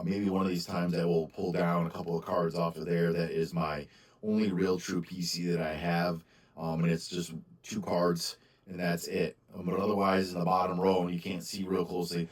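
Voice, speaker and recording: A man with a low, deep voice talks to his viewers in a loose, rambling way, stopping and restarting his sentences. He sounds worn out after a long day, yawning between thoughts. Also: level tone, moderate pace, poor audio. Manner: rambling, frequent ums and restarts, candid. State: tired, yawning. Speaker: sports card seller and channel host. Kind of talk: casual monologue to camera.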